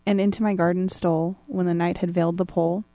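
Woman, co-host, steady poetry reading, lowish voice, dry sound. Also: fast talker, no echo.

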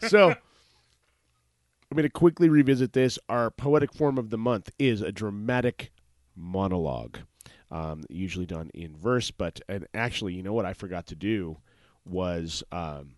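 A man's voice: moderate pace, dry recording, studio quality. A man hosting an open-mic poetry radio show, chatting casually and joking in put-on voices. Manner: playful, jumps into high-pitched joke voices.

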